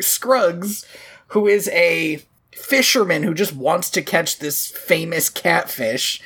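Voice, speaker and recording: A woman's voice: lowish voice, slightly rough. A woman co-hosting a casual podcast, recapping a movie with laughter and joking asides. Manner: animated, laughing, swearing, quoting lines in funny voices. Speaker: podcast co-host.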